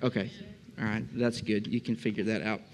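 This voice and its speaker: A man's voice: fairly low pitch, little pitch movement, fairly quick. A male pastor preaching in a loose, conversational way, full of "uh" fillers and direct asides to the congregation. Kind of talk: sermon.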